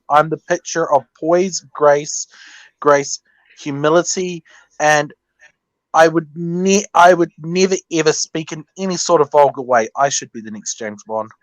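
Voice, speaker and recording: A man chatting as a guest on a live stream, self-mocking and quick to laugh. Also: a little high, no room sound, poor audio. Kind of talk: casual chat.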